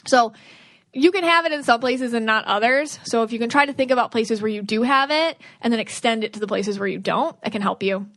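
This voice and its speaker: A woman's voice: on the high side, brisk, fairly bright tone, dry recording. A woman hosting a podcast, giving spiritual advice in an earnest, rambling way that restarts sentences. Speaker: podcast host, aura reader.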